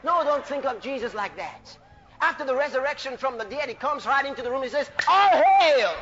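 High, bright-voiced shouting preacher man. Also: fairly quick, dull audio. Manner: animated, bursts into shouts of hallelujah, laughs mid-sentence. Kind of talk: sermon.

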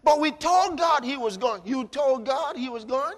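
A high, bright male voice delivers an impassioned sermon, dropping low and then rising to shouts. His voice has lively pitch movement, and the long echo of a large church hall hangs behind it. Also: normal speed. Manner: impassioned, swinging from hushed to shouting. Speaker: preacher. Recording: reverberant hall.

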